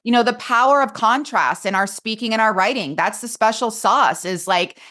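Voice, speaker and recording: A woman's voice: fairly high pitch, normal speed, bright, forceful tone. Earnest, emphatic woman coach talking. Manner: earnest, emphatic and openly emotional. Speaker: coach and podcast guest. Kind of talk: casual podcast conversation.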